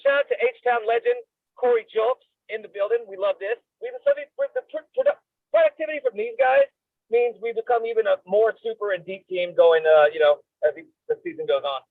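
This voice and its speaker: High-voiced man on a tinny line. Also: a little fast, no room sound. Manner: loose, joking, swears casually. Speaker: podcast co-host. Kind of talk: casual sports chat. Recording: tinny phone-like sound.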